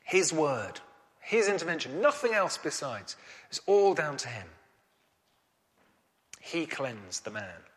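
A man's voice: fairly high pitch, big pitch swings, takes it slowly, long pauses, big-room sound. A man preaching a sermon, earnest and rising to emphatic questions.

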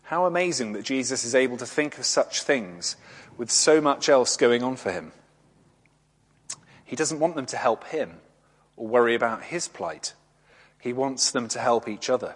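A man gives a gentle, reflective sermon in a mid-range voice, pausing between short phrases. His voice rings with a long reverb, as if in a church. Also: medium pitch, lively intonation, slightly rough. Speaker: preacher.

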